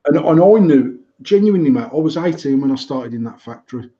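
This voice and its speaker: A man's voice: fairly high pitch, expressive, fairly quick, mellow, lo-fi sound. A man in his forties from England, a company director co-hosting a podcast, talking bluntly with lots of swearing and restarts. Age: 40s. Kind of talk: casual chat.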